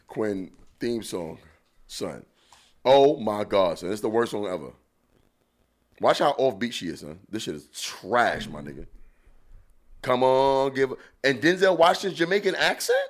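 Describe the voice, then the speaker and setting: A man co-hosting a comedy podcast, joking loudly in casual banter. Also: mid-range voice, lively intonation, a little slow. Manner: loud, joking, says "son" a lot. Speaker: podcast co-host.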